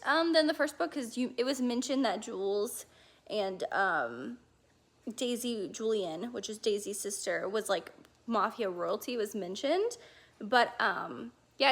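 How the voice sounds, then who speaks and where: A woman with a fairly high, bright voice talks casually for her reading vlog, rambling and gushing with plenty of fillers and restarts. She is filmed on a handheld camera from her couch at home. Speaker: book vlogger. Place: living room couch at home.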